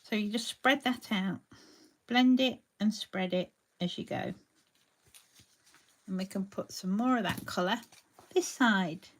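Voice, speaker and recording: A woman leads a live crafting tutorial, greeting viewers by name and chatting while she paints. She speaks at a medium pitch, a bit slowly, leaving long pauses.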